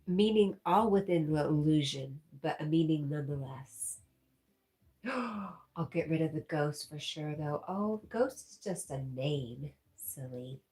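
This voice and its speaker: A woman's voice: sits low, warm tone. A woman hosting a casual livestream, reading out viewer comments and laughing often. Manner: giggly, reads out chat messages. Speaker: livestream host.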